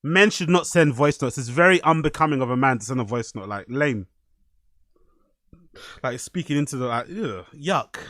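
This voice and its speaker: A man's voice: mid-range voice, animated, moderate pace, a bit bright, no room sound. A man hosting a podcast, giving loose, profane, rambling commentary and often asking "you know what I mean". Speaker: podcast host. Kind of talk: casual commentary.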